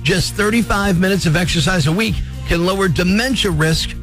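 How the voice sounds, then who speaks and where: A man with a notably high speaking voice hosting a morning radio show. He rants with comic exasperation and throws in sarcastic asides, speaking into a studio mic. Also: moderate pace, a bit bright, faint music behind. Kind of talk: comedic radio talk and rant.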